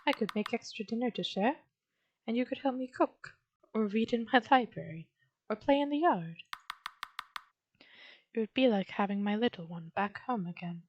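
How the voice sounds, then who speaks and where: A woman voicing a gentle, lonely female witch who speaks in a soft, sweet, coaxing way. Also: on the high side, expressive, moderate pace, long pauses, muffled recording, slight background noise, natural voice. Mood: soothing.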